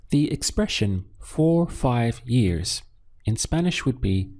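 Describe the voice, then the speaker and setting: A man teaching a Spanish lesson, patiently asking questions and pausing so learners can answer. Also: on the low side, vocal fry, darkish tone. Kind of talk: scripted language lesson.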